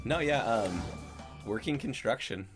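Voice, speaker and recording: A man's voice: medium pitch, lively intonation, unhurried, faint music behind. A man chatting casually while playing a video game, making dry, wry remarks. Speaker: gaming co-host. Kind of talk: casual let's-play chat.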